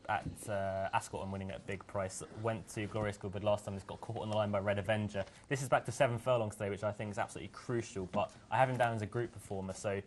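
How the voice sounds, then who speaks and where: A man giving his horse racing selections in casual chat, quick and full of fillers and restarts. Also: fairly low pitch, steady tone, slight background noise. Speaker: racing tipster.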